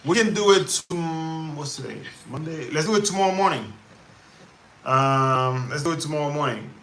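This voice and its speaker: A man's voice: a little high, lively intonation, normal speed, a bit bright, slight background noise. A man hosting a live chat stream, venting about his frustrations and stumbling through many restarts. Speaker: livestream host. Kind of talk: casual live-chat talk.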